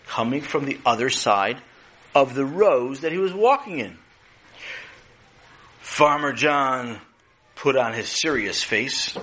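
Playful male storyteller for kids; slow, animated, bright. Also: mid-range voice, a little hiss or hum. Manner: playful, addresses listeners directly. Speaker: children's storyteller. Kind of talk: storytelling narration for children.

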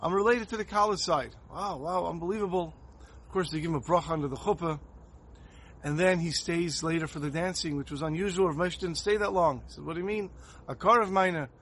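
A man's voice: fairly high pitch, brisk, fairly bright tone, breathy edge. Earnest man telling a Torah story. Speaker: rabbi giving a Torah talk. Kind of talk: sermon with storytelling.

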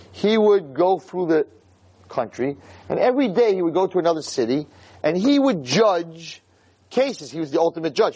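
A man giving a storytelling sermon as a religious lecturer, in a conversational, animated way. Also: fairly high pitch, breathy edge, dry recording.

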